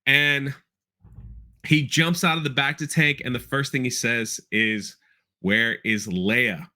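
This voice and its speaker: A man's voice: medium pitch, unhurried, pushed and bright. A man hosting a casual podcast, rambling through an episode recap with loose asides and playful character impressions. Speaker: podcast host. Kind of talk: casual chat.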